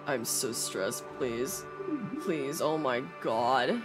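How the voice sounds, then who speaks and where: A woman's voice: extremely low pitch, very slow. A young adult woman streamer giving casual gameplay commentary, stressed and swearing often. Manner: stressed, swears often, laughs, reads game text aloud. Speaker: streamer playing a video game. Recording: faint game music behind.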